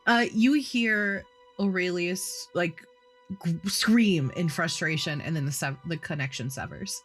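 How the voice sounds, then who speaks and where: A woman's voice: on the low side, a little slow, fairly bright tone, soft background music. A woman playing in a tabletop game, talking casually and narrating events. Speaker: player.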